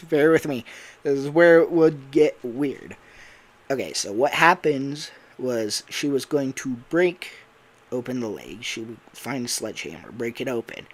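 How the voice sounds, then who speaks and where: A young man chatting casually about a story idea, full of fillers and little laughs. His voice sits at a mid pitch, relaxed and chatty, as he rambles through scene after scene. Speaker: voice actor and YouTuber.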